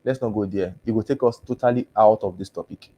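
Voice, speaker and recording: A man's voice: lowish voice, fast talker, dark tone, highs cut off. A man with a Nigerian Pidgin accent, a doctor hosting a casual live health stream, chatting and answering viewer comments, mixing English and Pidgin, his voice a little worn. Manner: chatty, switches between English and Pidgin, repeats thanks. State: voice going hoarse.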